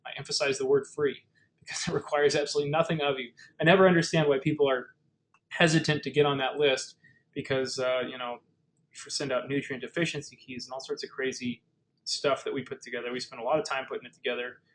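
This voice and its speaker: Talking quickly with fairly even intonation, a man with a mid-range, slightly bright voice presents a casual, explanatory webinar on a rough recording. Fillers and restarted phrases crop up throughout.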